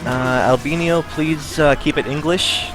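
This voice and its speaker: A man's voice: fairly high pitch, unhurried. An American man streaming a game, chatting casually and answering chat while he plays. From United States. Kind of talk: casual gameplay commentary. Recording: game music playing behind. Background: game music.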